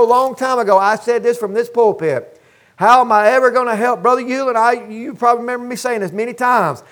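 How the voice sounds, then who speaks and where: An older man preaching from the pulpit in a very high voice. He talks in a folksy, emphatic way and calls out to the congregation for answers. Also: fairly bright tone. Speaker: pastor. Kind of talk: sermon. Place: church sanctuary.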